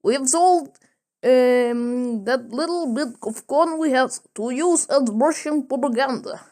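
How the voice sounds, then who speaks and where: A woman's voice: high-pitched, a little slow, dark tone. A woman voicing a stern adult male Soviet leader who declaims his orders in a pompous speech.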